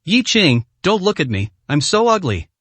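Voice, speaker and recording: A man voicing a dying young woman, speaking her soft, faltering farewell lines in a story reading. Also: sits high, sing-song, normal speed, slightly rough, no echo, heavily acted. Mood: weak pleading.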